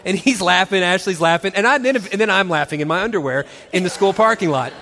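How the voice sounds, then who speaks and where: A man's voice: high-pitched, fast, pushed and bright, in a large hall, a little hiss or hum. A man in his forties telling a story to an audience as a co-host, acting out the quotes and laughing often. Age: 40s. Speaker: pastor co-host of a marriage and parenting session.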